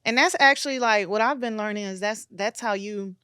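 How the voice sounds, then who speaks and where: A woman host from Miami speaks in a smooth, clean voice at a middle pitch. Her sound is dry and close to the mic. She keeps the talk light and chatty, nodding along with quick affirmations. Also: pushed and bright, no room sound. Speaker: podcast host. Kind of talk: casual interview chat.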